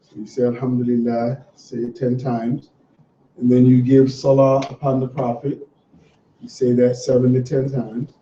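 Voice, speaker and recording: Dark-voiced man teaching a relaxed class. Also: mid-range voice. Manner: relaxed, conversational, encouraging. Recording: dull, roomy sound from a distant mic.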